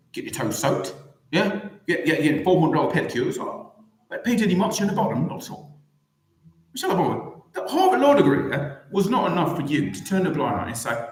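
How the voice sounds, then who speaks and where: Male streamer, rambling mocking commentary, animated pitch swings, echoey room.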